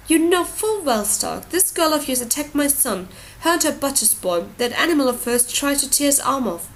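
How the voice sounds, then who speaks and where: A haughty, scornful queen, as a woman reads her, cold and imperious, her lines pitched a little higher than the narration. A storybook reading. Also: animated, normal speed, a little hiss or hum.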